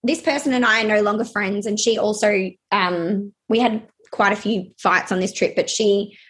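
Her voice is mid-range and her tone steady as this young adult woman shares a personal story. The telling is halting, full of restarts and filler words.

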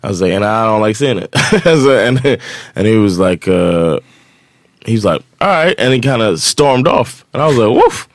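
Male podcast co-host, lowish voice, dry close mic, lively storyteller who acts out dialogue. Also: moderate pace, dry recording. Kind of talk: casual chat.

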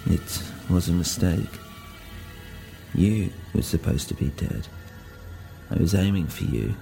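A man's voice: low-pitched, creaky, faint music behind, full character voice. A man voicing Sophia, a cold gunwoman. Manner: curt broken English, slow and flat. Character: cold stern young German woman with a gun.

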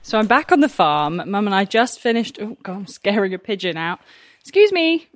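Vlogging outdoors from her farmyard, a woman farmer narrates casually, rambling and poking fun at herself. Her voice is mid-range and sing-song, moving at a moderate pace.

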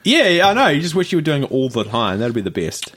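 A man's voice: medium pitch, huge pitch swings, fast, fairly bright tone. A New man co-hosting a podcast, telling stories in a laid-back casual chat with frequent laughter. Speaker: podcast co-host.

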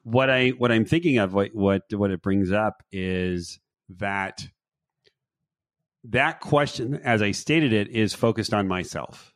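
A man with a low voice hosts a podcast chat, feeling his way through his thoughts in halting, repeated phrases. The sound is close and dry, with no room around it. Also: no room sound. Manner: halting, repeats words as he thinks aloud. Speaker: podcast host. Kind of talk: casual conversation.

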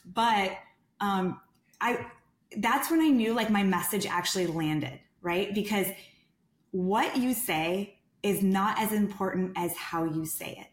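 A woman guest on a podcast who speaks calmly and deliberately, with a soothing tone. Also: medium pitch. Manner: calm, deliberate, soothing delivery. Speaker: sales director, guest. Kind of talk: podcast interview answers. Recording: roomy echo.

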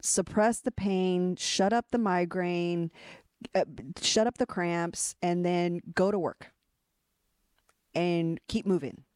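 A woman with a fairly low voice, speaking frankly and casually as a podcast guest. She swears freely and restarts her phrases often. The sound is dry and close, with no room in it. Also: takes it slowly, darkish tone, clean tone, no echo. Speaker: guest energy coach.

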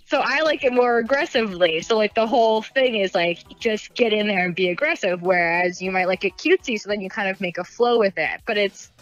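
A woman's voice: mid-range voice, fairly quick, few pauses, no room sound, lo-fi sound. A woman talking openly in a casual podcast chat, laughing often and acting out little quoted asides. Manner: frank, giggly, lots of fillers and acted asides.

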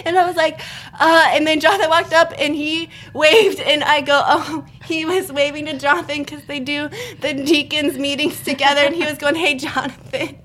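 A woman's voice: sits high, moderate pace, few pauses, slight background noise. A woman co-hosting a podcast, telling a funny story with lots of laughter in casual chat. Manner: laughing storyteller, animated retelling. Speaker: podcast co-host.

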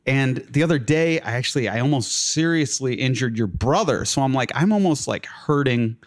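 A man's voice: mid-range voice, lively intonation, moderate pace. A young man telling a long personal story in a casual chat as a guest, full of fillers like "like" and "uh". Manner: rambling, filler-heavy, laughs through his stories.

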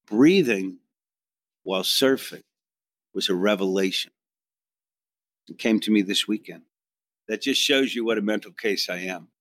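Middle-aged male storyteller, animated and self-deprecating, dry booth sound. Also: lowish voice, no echo. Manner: animated, swearing, self-mocking, acts out quotes. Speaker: podcast guest telling a story. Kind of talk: casual storytelling chat.

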